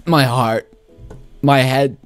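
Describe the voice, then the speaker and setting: A man casually commentating his own Minecraft play, excitable and laughing often. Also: mid-range voice, takes it slowly, faint music behind. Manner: excitable, laughs often, shrieks when startled. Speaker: Minecraft YouTuber.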